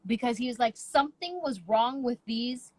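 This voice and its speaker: Woman podcast host, slightly high voice, big emphatic storytelling, casual chat. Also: rough recording. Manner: animated, emphatic storytelling with quick asides.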